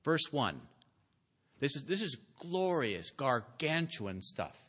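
A man preaching a sermon from a church pulpit, earnest and deliberate, building to emphatic, rising peaks and scattering the odd "uh". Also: mid-range voice, very animated, pushed and bright, breathy edge. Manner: slow, deliberate delivery with filler "uh"s. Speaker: pastor.

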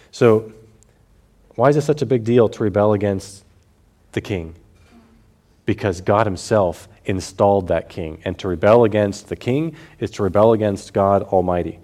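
Low-voiced man teaching the Bible. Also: mellow. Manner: explanatory, repeats key phrases for emphasis.

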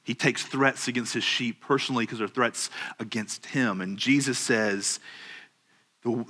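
A man preaching a sermon, earnest and measured, slowing down on key phrases and rising into urgent questions. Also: mid-range voice, a bit bright. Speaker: pastor.

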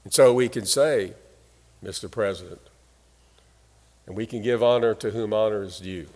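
A man's voice: lowish voice, moderate pace, a little mellow. A man preaching a sermon in an earnest, emphatic way, leaning hard on key phrases. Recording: long hall reverb.

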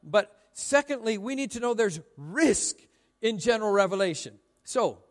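A man's voice: high voice, animated, moderate pace. A middle-aged male pastor giving a humorous sermon, telling stories in a chatty, self-mocking way. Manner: chatty, self-mocking storytelling with frequent laughs. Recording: long reverb of a large hall.

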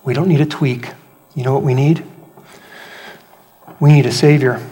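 A man preaching a sermon as pastor, animated, swinging between loud rhetorical questions and hushed emphasis. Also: medium pitch, normal speed. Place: church hall. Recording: long hall reverb.

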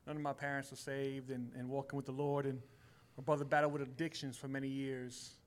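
A man's voice: mid-range voice, level tone, a little fast. A man in his forties sharing a heartfelt personal testimony at church in casual everyday speech, growing emphatic. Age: 40s.

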